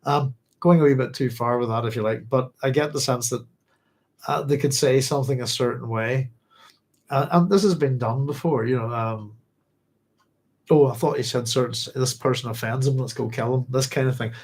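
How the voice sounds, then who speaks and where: A man's voice: mid-range voice, moderate pace, a little mellow, husky, poor audio. A man hosting a book club, chatting loosely, correcting himself and laughing often. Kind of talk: casual book talk.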